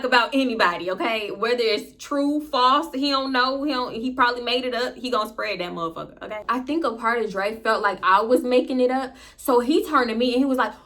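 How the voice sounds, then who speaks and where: A woman in her twenties telling a dramatic storytime to her viewers, animated and loose with curse words. Her voice sits a little high and swings between loud disbelief and hushed asides. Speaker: vlogger. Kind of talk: storytime narration.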